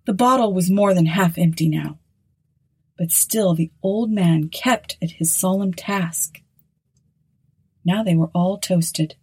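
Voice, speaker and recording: A woman reads a story aloud with slow, deliberate pacing and a solemn tone. Her voice is low-pitched, dark and mellow, with a husky edge. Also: low-quality recording. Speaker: narrator. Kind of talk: storybook reading.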